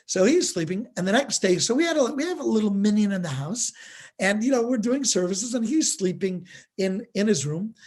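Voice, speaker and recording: A man, a rabbi, telling stories in a live-streamed art lesson, acting out quoted dialogue over a video-call mic. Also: high-pitched. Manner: lively storyteller, acts out quoted dialogue.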